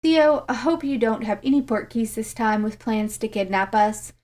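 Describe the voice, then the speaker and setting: A woman's voice: on the high side, normal speed, a little mellow, natural voice. A woman voicing a playful young woman in a read-aloud story, teasing in manner.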